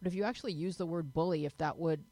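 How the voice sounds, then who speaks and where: A woman's voice: on the low side, rapid-fire, warm tone, no room sound. A woman hosting a teen panel talk show, giving frank advice in a chatty, joking way and often restarting her sentences.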